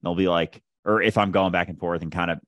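A man's voice: deep voice, fairly even intonation, brisk, fairly bright tone, no room sound. A man co-hosting a podcast in casual chat, talking in a reflective, easygoing way.

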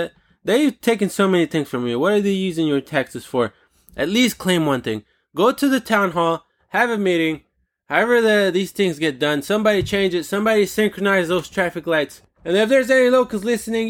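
A man's voice: on the high side, a bit bright. A man hosting a comedic solo rant, rambling and profane, with jokey digressions.

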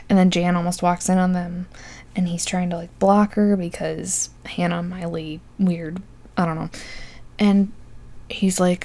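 A woman's voice: lowish voice, little pitch movement, measured pace, warm tone. A young woman casually recapping a movie, chatty and sarcastic, full of likes, ums and asides.

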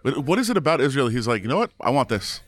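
Male host, upbeat and chatty, asking quick questions. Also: mid-range voice, very animated, no echo. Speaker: interview host. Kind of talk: casual interview chat.

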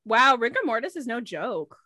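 A woman with a bright, fairly high voice runs a casual comedy podcast chat. She tells the story bluntly, swears freely and hammers her points through repetition. The sound is close and dry. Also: very animated, normal speed, dry recording. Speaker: podcast co-host telling a case.

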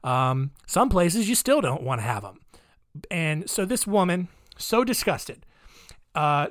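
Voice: medium pitch, dry recording, studio quality. A comedy podcast host retelling saint stories in a sarcastic, rambling way, with many fillers.

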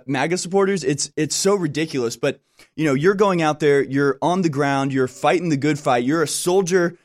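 A man's voice: on the high side, a little mellow. A man hosting a talk show, asking long rambling questions with emphasis. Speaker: show host.

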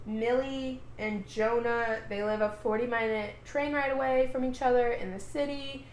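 Animated woman recapping a show, echoey room. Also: a little high, moderate pace, slight background noise. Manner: animated, swearing, acts out quotes. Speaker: podcast co-host. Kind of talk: casual recap chat.

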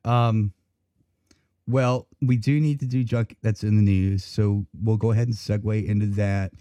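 A man hosting a podcast in casual chat, telling animated stories full of swearing and frequent laughter. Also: on the low side, a little slow, no room sound. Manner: profane, laughing, animated storytelling. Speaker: podcast host.

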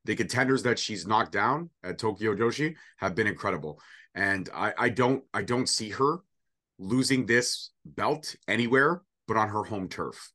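A man's voice: on the low side, animated, moderate pace, sharp tone. A man co-hosting a casual wrestling prediction show, joking and rambling with sarcastic asides. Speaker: podcast co-host.

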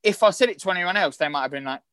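A man with a London accent, a guest actor chatting in a rambling, halting way with many restarts. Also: high voice, fairly bright tone, smooth, no echo. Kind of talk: casual chat.

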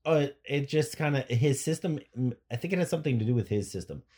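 Talking fast and with animation, a man in a mid-range, slightly mellow voice co-hosts a podcast. His casual chat rambles from joke to story, and he frequently trails off and begins sentences again.

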